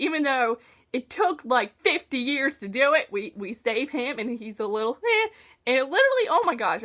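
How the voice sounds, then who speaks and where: Young woman vlogging about a book, high voice, swoops all over, gushy and slangy. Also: fairly bright tone. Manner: gushing, emotional, slangy. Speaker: book reviewer. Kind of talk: casual book talk vlog.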